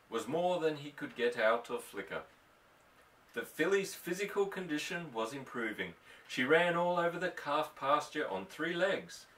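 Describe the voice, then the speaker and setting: Bright, lively male storyteller. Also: on the high side, distant mic, poor audio. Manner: expressive storytelling, voicing each character. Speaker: audiobook narrator. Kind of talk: audiobook reading of a novel.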